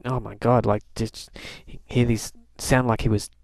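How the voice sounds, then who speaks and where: A man's voice: medium pitch, little pitch movement, unhurried, creaky, a little mellow, no echo. A young man from Canada telling a rambling, wry diary-style story, full of fillers and restarts. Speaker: video blogger. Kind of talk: casual rambling diary talk.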